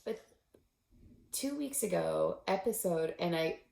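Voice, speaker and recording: A woman's voice: fairly low pitch, lively intonation, slow pace, creaky, a little mellow, reverberant. A woman hosting a knitting podcast, talking casually and getting choked up and laughing between thoughts. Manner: emotional, choked up, laughing often. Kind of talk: casual solo podcast talk.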